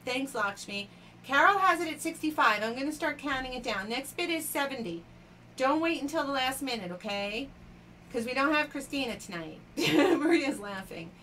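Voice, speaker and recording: A woman's voice: fairly high pitch, bright, forceful tone, a little hiss or hum. A woman hosting a casual live jewelry auction stream, chatting with viewers by name and laughing often.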